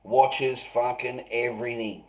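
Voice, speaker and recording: A man holds forth on a livestream, bitter and profane. He laughs in scorn, shouts in bursts and then drops to a low mutter. His voice sits at an ordinary male pitch. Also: little pitch movement, a little slow, low-quality recording. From Australia. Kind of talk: ranting livestream monologue.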